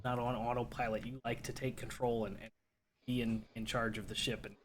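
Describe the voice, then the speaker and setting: A man's voice: mid-range voice, little pitch movement, fairly quick, a little hiss or hum. A man running a sci-fi tabletop game as game master, explaining scenes with many fillers.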